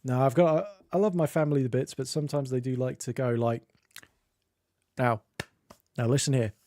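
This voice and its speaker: A man's voice: medium pitch, fast talker, mellow. A Scottish man hosting a casual chat stream, joking and laughing at himself as he talks. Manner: jokey and self-mocking, laughs often. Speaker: streamer host.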